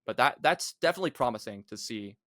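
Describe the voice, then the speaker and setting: A man's voice: mid-range voice, expressive, fast talker, a bit bright, dry recording, studio quality. A young man, a guest on a gaming podcast, talking bluntly and casually with lots of filler words. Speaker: guest, competitive gamer.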